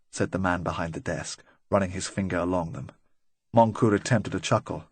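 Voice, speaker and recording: A man narrating a crime audiobook in a measured, even manner. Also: low-pitched, breathy edge, dry recording.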